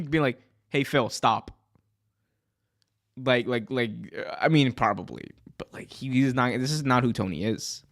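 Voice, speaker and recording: A man hosting a wrestling podcast, chatting casually with excitable, joking reactions and lots of slang. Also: medium pitch, measured pace. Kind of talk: casual livestream commentary.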